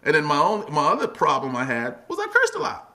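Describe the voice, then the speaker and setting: A middle-aged man talks as a guest on a casual podcast, swinging his pitch up and down as he tells stories about his stand-up. His voice is bright and forceful, and he laughs easily between lines. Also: fast. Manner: animated, acts out quotes in a much higher voice, laughs often. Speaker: guest comedian and actor. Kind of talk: casual podcast interview storytelling.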